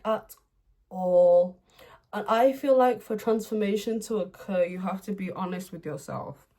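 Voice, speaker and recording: Chatty young woman vlogging. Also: a little high. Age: young adult. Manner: chatty, laughs often, playful bursts of excitement. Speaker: beauty vlogger. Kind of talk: casual chat while doing makeup. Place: home room, indoors.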